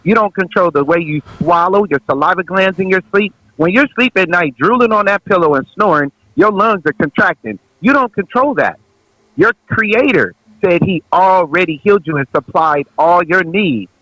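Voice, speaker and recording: A man giving a preachy, forceful talk on health as a guest naturopath. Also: high voice, animated, normal speed, no echo, poor audio.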